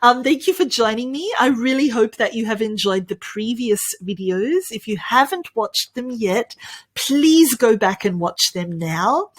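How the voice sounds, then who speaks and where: An Australian woman teaching English pronunciation in an online lesson, cheerful, often laughing and drilling words slowly. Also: on the high side, expressive.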